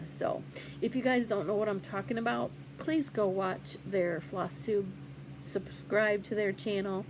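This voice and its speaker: Chatting her way through a show-and-tell of gifts, an older woman rambles with plenty of fillers on her casual cross-stitch vlog. She speaks a little high, and the low-quality recording has a faint hiss or hum.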